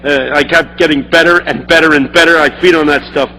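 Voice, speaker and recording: An older man preaching a sermon with impassioned energy, building up to shouting. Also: fairly high pitch, fairly even intonation, fast talker, a little hiss or hum, poor audio.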